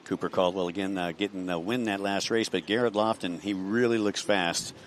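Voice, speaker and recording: Deep-voiced man on color commentary. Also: brisk, slight background noise. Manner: relaxed, informative, chatty. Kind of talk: broadcast commentary.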